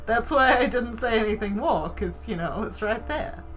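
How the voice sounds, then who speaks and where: A woman's voice: fairly high pitch, lively intonation, moderate pace, a bit bright. Chatty woman joking on a stream. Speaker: co-player. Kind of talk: casual chat during a game stream. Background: faint game music.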